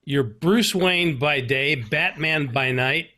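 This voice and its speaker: A man's voice: fairly high pitch, slow, pushed and bright. A man hosting an interview, prodding his guest with questions and restarting his phrases as he searches for words. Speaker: interview host.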